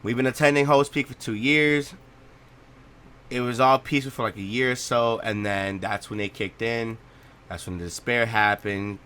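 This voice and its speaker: A man's voice: mid-range voice, fairly even intonation, normal speed, fairly bright tone, smooth. A young man hosting a let's play, giving a blunt, profane, repetitive rant about a game from his home gaming setup. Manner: blunt, profane, repeats himself when ranting. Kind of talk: gameplay reaction rant.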